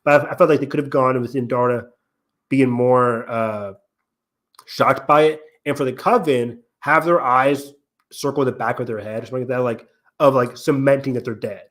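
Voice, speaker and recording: Guy hosting a podcast, mid pitch, rambles on, lots of "like"s. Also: normal speed, fairly bright tone. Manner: rambling, thinks aloud with many "like"s. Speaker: podcast host. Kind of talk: casual discussion.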